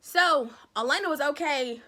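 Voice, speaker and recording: A woman giving a casual recap of a TV episode, retelling the plot with animated storytelling and acting out what the characters say. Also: sits high, moderate pace. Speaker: TV recap vlogger.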